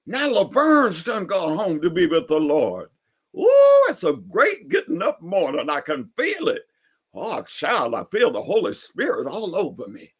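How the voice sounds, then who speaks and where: A man voicing an older male churchgoer, exuberant and preachy, shouting praise to God. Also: high voice, wildly swooping pitch, measured pace, husky, voice pushed up, exaggerated voice. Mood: ecstatic.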